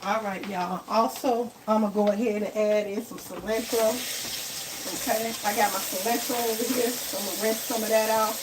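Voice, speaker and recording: A woman talking her viewers through a live cooking vlog, chatty and familiar, calling them y'all and baby. Her voice sits at a middle pitch. It was recorded in a home kitchen on a phone, with frying food sizzling loudly in the background. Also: steady tone, moderate pace, noisy background. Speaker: home cook and vlogger. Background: frying and sizzling in the pan.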